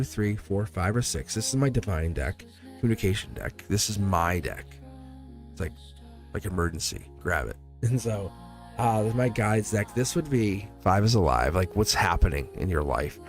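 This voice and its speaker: A man reading tarot on a livestream, talking to his viewers in a loose, rambling way with frequent chuckles. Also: lowish voice. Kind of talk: casual livestream chat.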